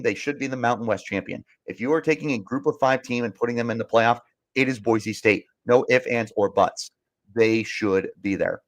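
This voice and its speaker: Exasperated young man ranting sports talk. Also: mid-range voice. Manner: exasperated, emphatic, repeats himself for emphasis. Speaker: sports podcast host. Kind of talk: fired-up sports talk, reading live comments.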